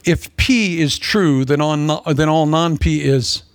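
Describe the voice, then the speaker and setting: A man preaching a humorous sermon, sarcastic and animated, slipping into mock voices. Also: on the high side, slow pace, smooth, no room sound.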